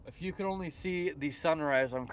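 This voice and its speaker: A man's voice: on the high side, normal speed. Canadian dude streaming from his phone by the lake, chill rambly chat, faint outdoor hum behind. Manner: reads chat messages aloud and answers them, relaxed and chatty with frequent fillers. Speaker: fishing livestreamer. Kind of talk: casual live-stream chat. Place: outdoors by the water at sunrise.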